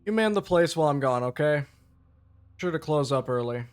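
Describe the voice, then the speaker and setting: A man voicing a gruff tavern barkeep who gives quick loud orders in a tabletop game. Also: on the high side, animated, lightly acted. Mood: brisk. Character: gruff middle-aged male tavern barkeep.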